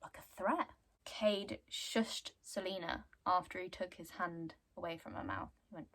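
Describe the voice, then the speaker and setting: A woman's voice: lowish voice, fairly even intonation, normal speed, creaky, a bit bright, breathy edge. A young woman casually retelling a book's story, chatty and giggly. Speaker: book reviewer.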